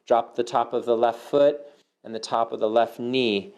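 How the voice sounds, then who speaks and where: A man teaching a yoga class, giving slow, soothing cues with audible sighs and sometimes dropping to a soft whisper. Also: mid-range voice, fairly even intonation, muffled recording. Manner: drops to a soft whisper for affirmations. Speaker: yoga instructor. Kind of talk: guided yoga class instruction.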